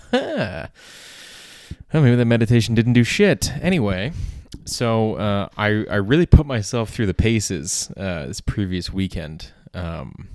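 A man with a very low voice hosting a comedy podcast alone. He rambles loosely, piling up filler words and restarts. The recording is dry and close. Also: darkish tone, no room sound. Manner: rambling, heavy on filler words and self-corrections. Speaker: podcast host.

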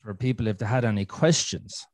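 A man's voice: fairly low pitch, a little fast, a little mellow, a little hiss or hum. An Irish man hosting a podcast in casual chat, rambling with frequent restarts and swearing. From Ireland. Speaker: podcast host.

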